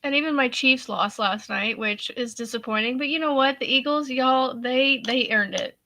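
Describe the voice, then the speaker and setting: Woman, thirties, high bright voice, chatty, giggling to tears, casual livestream host. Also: moderate pace. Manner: giggly, chatty, addresses viewers as y'all. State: laughing to tears.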